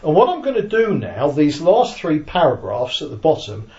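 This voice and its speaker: Man Bible teacher, fairly high and animated voice, unhurried, in a roomy, muffled recording. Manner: explains slowly, checks if listeners follow; reads handout text aloud slowly. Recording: echoey room, dull lo-fi sound.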